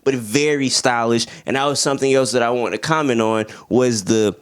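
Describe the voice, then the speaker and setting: A man's voice: mid-range voice, a little fast, clear, resonant tone. A man giving a casual, slangy film review, acting out the scenes as he retells them. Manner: animated, slangy, acts out scenes in voices.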